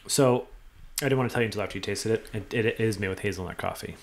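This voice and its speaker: A man co-hosting a podcast in casual chat, talking in quick bursts with stumbling restarts and repeated words. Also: fairly low pitch. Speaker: podcast co-host.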